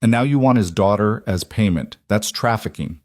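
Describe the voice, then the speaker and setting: A man's voice: on the low side, moderate pace, dry recording, clean studio sound, close to an everyday voice. A man voicing a defiant, angry young woman who talks back sharply.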